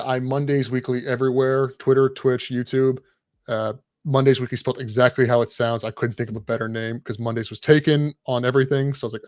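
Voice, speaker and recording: A man's voice: medium pitch, darkish tone, dry recording, clean studio sound. A man talking as a guest on a casual podcast, rambling and self-deprecating, with an irreverent streak. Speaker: guest content creator.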